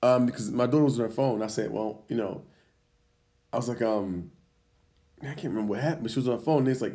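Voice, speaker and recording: A man co-hosting a podcast, telling a heated story in casual chat, animated and profane, acting out arguments. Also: medium pitch, quick pace, pauses often. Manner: animated, profane, acts out confrontations. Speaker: podcast co-host.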